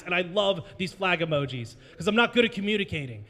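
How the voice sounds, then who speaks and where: A man's voice: high voice, big pitch swings, fast talker, hardly any pauses, pushed and bright. A young American man hosting an open mic in a brewery, doing a rambling, self-mocking stand-up set and working the crowd. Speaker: open mic host and comedian. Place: brewery taproom.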